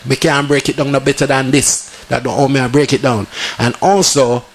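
A man with a Jamaican accent, hosting on radio and reading sponsor ads in animated, repetitive sales patter. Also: medium pitch, brisk. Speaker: radio host. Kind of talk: ad reads in patois.

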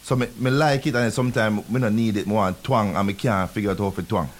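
A man from Jamaica with a Jamaican accent, a realtor guest talking fast on a radio show, mixing in patois. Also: lowish voice, steady tone, slight background noise. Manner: fast talking, laughs easily, mixes patois. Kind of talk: casual radio interview.

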